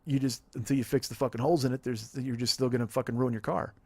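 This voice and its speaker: A man's voice: medium pitch, steady tone, fast, mellow, breathy edge, no room sound. A man in his forties hosting a podcast, ranting in a profane, self-deprecating, rambling way. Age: 40s. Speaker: podcast host. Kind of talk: casual comedic rant. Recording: dry close-mic studio sound.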